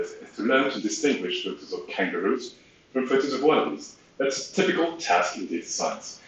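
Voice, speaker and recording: A man from Switzerland delivers a rehearsed science talk with playful drama. His voice is low. He sounds far from the mic in a very echoey room, and the sound is dull and muffled. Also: slight background noise. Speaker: science competition finalist.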